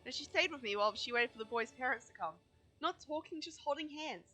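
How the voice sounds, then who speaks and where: A woman's voice: high voice, expressive, quick pace, bright, forceful tone, breathy edge, full character voice. A woman voicing a bitter young woman rider who feels overlooked, reading game dialogue aloud in a plaintive way. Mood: bitter, hurt.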